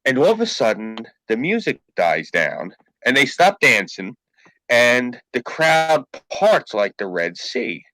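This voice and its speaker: A man's voice: medium pitch, takes it slowly, low-quality recording. A man hosting a podcast, telling a story in a casual, profane way. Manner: profane, animated anecdote-telling. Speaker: podcast host.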